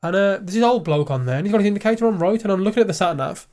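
Fast-talking man bantering. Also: sits high, lively intonation, darkish tone. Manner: swearing, teasing banter. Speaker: podcast co-host. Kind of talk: casual chat.

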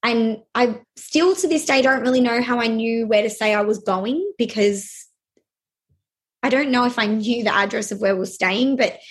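A young adult woman telling a personal story in a halting way, with many fillers and restarts. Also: fairly high pitch.

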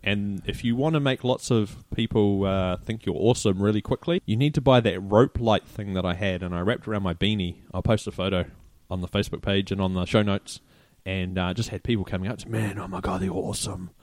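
Low-voiced easygoing podcast co-host man. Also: a little fast, few pauses, no echo. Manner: easygoing, relaxed recounting with fillers. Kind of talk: casual chat.

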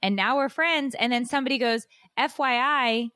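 A woman hosting a podcast, telling a story in frank, animated casual chat and acting out what people said. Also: on the high side, normal speed, dry recording, clean studio sound. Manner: animated, acts out quotes, frank and profane. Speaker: podcast host.

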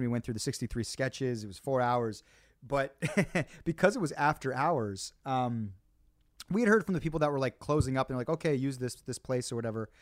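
A man's voice: medium pitch, no echo, studio quality. A man co-hosting a podcast in casual chat, asking questions and telling stories. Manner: curious, asks questions. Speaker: podcast co-host.

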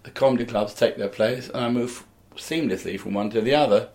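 A man's voice: mid-range voice, brisk, a little mellow. An older man from England, a comedian and musician, telling rambling anecdotes in a casual interview.

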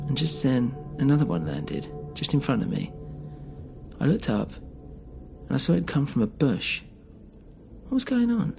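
Gravelly man narrating a tense story. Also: medium pitch, dark tone. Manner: tense, suspenseful telling. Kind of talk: first-person story narration. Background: music.

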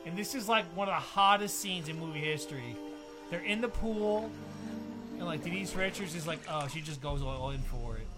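A man's voice: a little high, normal speed, over loud music. A man co-hosting a podcast in crude casual chat, gushing about a film scene. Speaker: podcast co-host.

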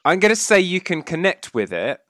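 A man narrating a tabletop game as game master, animated and laughing often. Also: high voice, fairly quick, dry recording, clean studio sound.

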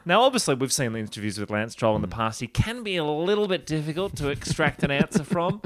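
A man hosting a comedy podcast with a dry, deadpan mock-serious delivery. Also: on the high side, fast, dry recording. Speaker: podcast host.

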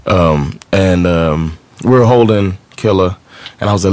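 A man's voice: low voice, measured pace, a little mellow, no echo. A man on a podcast telling a rowdy story in casual, profane chat, laughing as he goes. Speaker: podcast co-host.

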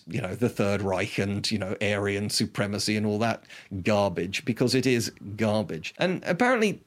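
A man talking casually and enthusiastically about films, rambling with frequent restarts. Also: medium pitch. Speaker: film reviewer. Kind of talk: casual film talk.

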